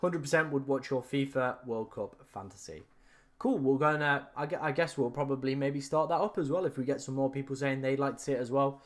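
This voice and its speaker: A young man, his voice raspy and strained after hours of live streaming. He rambles and corrects himself as he chats to his viewers from home. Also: medium pitch, fairly quick. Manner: rambling, self-correcting, talks to chat. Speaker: fantasy football streamer. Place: room at home.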